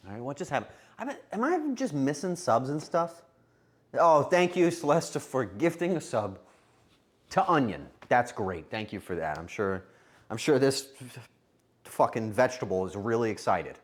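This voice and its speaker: He's a male streamer cooking during a casual livestream, with a mid-range voice at a moderate pace. His intonation bounces up and down with lively animation as he jumps between jokes and teases the chat in playful banter.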